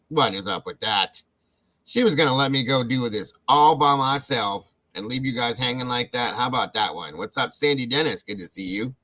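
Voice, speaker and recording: The voice is a medium-pitched man's, caught on a low-quality recording. As host of a casual livestream, he warmly calls out viewer names, greeting each one and thanking them effusively.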